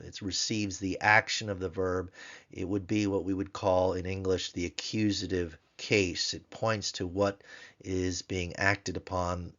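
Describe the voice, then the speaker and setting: Male teacher, low voice, measured pace; drills pronunciation by repeating words in a screen-recorded tutorial. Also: fairly bright tone, highs cut off. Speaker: Hebrew grammar teacher.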